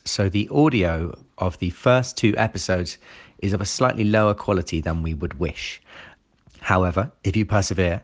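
A man introducing a podcast episode in a wry, apologetic way, with a husky voice. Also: sits low. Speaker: podcast host.

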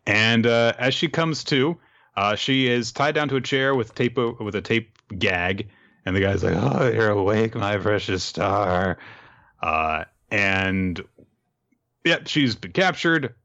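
A man talking through a manga chapter with a co-host in relaxed, joking chat. He laughs often and slips into high squeaky voices for characters. The sound is a little dull and lo-fi. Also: a little slow. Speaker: podcast co-host.

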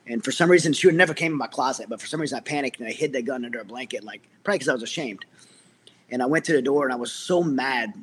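A man's voice: mid-range voice, racing, a bit bright, slight background noise. A middle-aged man, a military veteran, earnestly telling his personal story as an interview guest, with many restarts.

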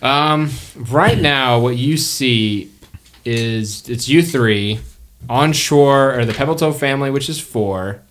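A man's voice: medium pitch, takes it slowly. Man running a tabletop game. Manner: relaxed, chatty, with fillers. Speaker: game master.

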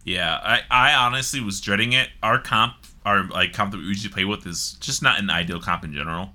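Male co-host, lowish voice, lively and bright, casual gaming banter. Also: brisk. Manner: animated, chatty, swears casually. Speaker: podcast co-host.

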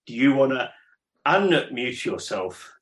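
A man hosting a podcast, moderating audience questions in a brisk, friendly way. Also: mid-range voice, very animated, echoey room. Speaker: podcast host. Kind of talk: casual chat, moderating questions.

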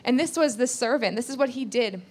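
A woman Bible teacher gives a sermon, reading scripture aloud and earnestly explaining it, repeating key phrases and asking rhetorical questions. Her voice is on the high side and brisk.

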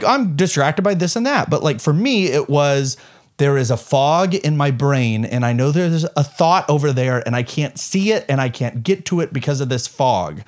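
Animated young man telling stories. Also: on the high side. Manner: animated storytelling with quick asides. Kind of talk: casual chat.

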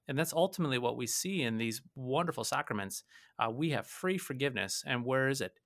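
A pastor talks through his point in an earnest, conversational way, circling back and repeating words as he thinks. His voice sits at an ordinary pitch for a man. The sound is dry and close, with no room around it. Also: fairly bright tone, dry recording. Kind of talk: conversational podcast discussion.

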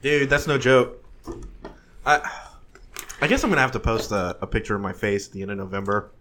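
A man chatting casually with friends, telling stories in an animated way and laughing often. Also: on the low side, brisk, a little hiss or hum. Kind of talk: casual chat among friends.

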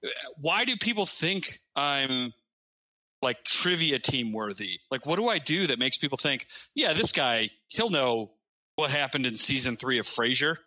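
A man's voice: medium pitch, expressive, measured pace, bright, forceful tone. A man co-hosting a podcast in casual chat, joking and mocking himself. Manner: joking, self-mocking, breaks into sung bits. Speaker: podcast co-host.

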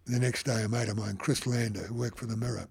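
A man's voice: on the low side, fairly even intonation, fast, vocal fry, darkish tone. An older man, telling a rambling anecdote in an interview and acting out the voices of people he quotes. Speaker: photographer. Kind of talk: anecdotal storytelling.

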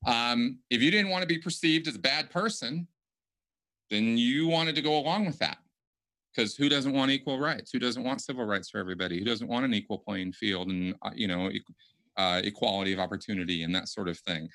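A man's voice: medium pitch, fairly quick, pushed and bright. A man hosting a casual podcast conversation, speaking emphatically and often restarting his sentences. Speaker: podcast host.

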